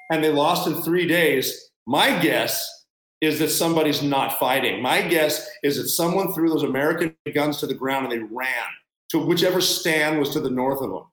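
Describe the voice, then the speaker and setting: A man's voice: a little high, fairly bright tone, echoey room, low-quality recording. A man in an interview as a former military guest, talking bluntly and sarcastically in a rambling casual way.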